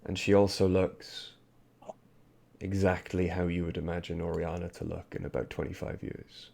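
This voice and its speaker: A very deep male voice narrates a tabletop roleplaying session as game master. His delivery is loose and rambling, full of asides and restarts as he describes the scene to his players. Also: level tone, moderate pace, creaky, a little mellow.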